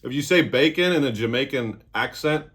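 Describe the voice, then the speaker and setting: A man's voice: medium pitch, animated, a little fast, fairly bright tone. A man hosting his own review vlog, talking casually and joking as he eats. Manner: joking, irreverent. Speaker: cannabis reviewer.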